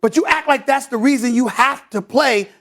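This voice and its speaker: A man hosting a sports debate show, ranting loudly and theatrically, with mock-emotional outbursts and stammered repeats. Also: very high-pitched, moderate pace. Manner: repeats words in bursts when excited.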